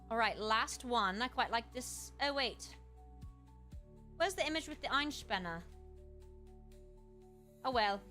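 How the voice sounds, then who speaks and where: A woman streamer in casual chat, reading aloud and musing with quick asides to her chat. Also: on the high side, pushed and bright. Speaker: streamer host.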